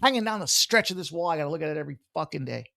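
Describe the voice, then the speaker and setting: A man hosting a live sports betting stream, brash, excitable and profane as he rattles off picks and jokes. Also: a little high, racing, gravelly, no echo, studio quality. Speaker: sports betting show host. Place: room with a hockey banner on the wall.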